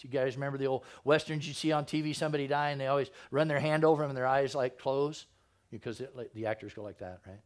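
A man preaching as a pastor, casual and joking with slangy asides, who also reads scripture aloud and stumbles over the names. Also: mid-range voice. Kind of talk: sermon.

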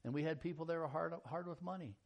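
A man preaching a sermon in a folksy, animated storytelling style, acting out quotes and jokes. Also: a little high, quick pace. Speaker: pastor.

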